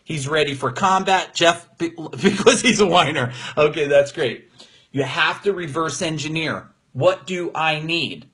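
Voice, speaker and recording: A man's voice: fairly high pitch, normal speed, a bit bright, slightly rough. A man giving an unscripted motivational talk to viewers on a live stream, blunt and profane, mocking people who whine. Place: room with neighbors next door.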